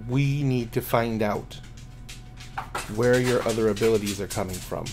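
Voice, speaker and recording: A man voicing a quiet, measured spirit of the mind. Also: mid-range voice, faint music behind, lightly acted. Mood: grave. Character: calm low spirit, another half within the mind.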